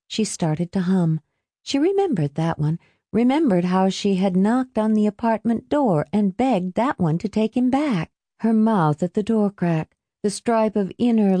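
A woman reading dramatic fiction aloud at an unhurried pace. Her intonation rises and falls widely as she tells the story. The recording is close and dry. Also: mid-range voice, dark tone, no echo. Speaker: audiobook narrator.

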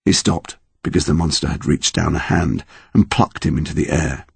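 A man's voice: rumbling low, steady tone, normal speed, creaky, a little mellow, breathy edge, no room sound. A man narrating a story in a dramatic, emotionally charged reading. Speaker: audiobook narrator.

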